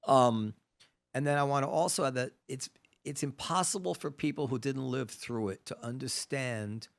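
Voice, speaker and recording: A man hosting a casual conversational interview, animated, thinking aloud with frequent restarts. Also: mid-range voice, moderate pace, vocal fry. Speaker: podcast host. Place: New York.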